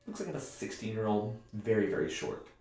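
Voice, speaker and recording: Deep-voiced man narrating as game master. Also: brisk, vocal fry. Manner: descriptive, lively storytelling. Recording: echoey room.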